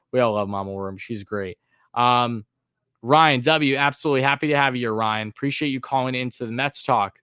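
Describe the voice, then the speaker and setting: The audio is dry and close, no room around it, as a man with a clear, resonant, medium-pitched voice hosts a live sports call-in stream at a brisk pace. Relaxed and fairly level, he fills his talk with ums and uhs, says he sounds monotone, and casually reads viewer comments and chat names aloud between thoughts.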